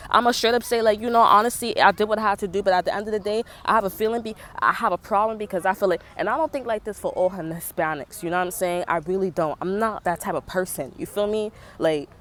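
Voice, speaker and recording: A woman's voice: medium pitch, fast talker, hardly any pauses, fairly bright tone. Young woman ranting with heavy slang. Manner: profane, fired-up ranting with street slang. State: pregnant. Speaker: vlogger. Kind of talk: casual venting monologue.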